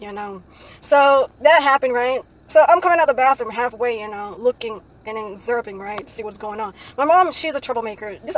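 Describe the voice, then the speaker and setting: A woman's voice: fairly high pitch, poor audio. A young woman telling a story in a casual vlog, rambling with lots of "like, um" and ending her phrases with "right?". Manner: rambling, ends phrases with "right?" tag questions; frequent "like, um" fillers.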